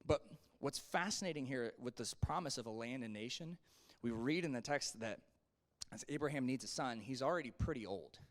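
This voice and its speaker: A man teaching a casual Sunday school Bible lesson, conversational and animated, swinging his voice up and down as he acts out quotes and drops asides to the class. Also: medium pitch, moderate pace.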